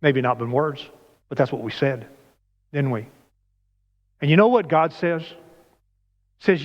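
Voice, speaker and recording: A man's voice: a little high, expressive, unhurried, pauses often. A man preaching a conversational sermon in a church, often asking the congregation questions. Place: church sanctuary. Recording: dull lo-fi church recording with long reverb.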